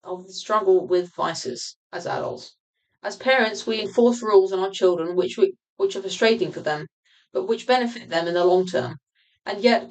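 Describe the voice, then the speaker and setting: A woman with a lowish voice reads from her own nonfiction book to a livestream audience over poor audio. Her reading is measured and explanatory at a steady pace, with occasional backtracking to restart a word.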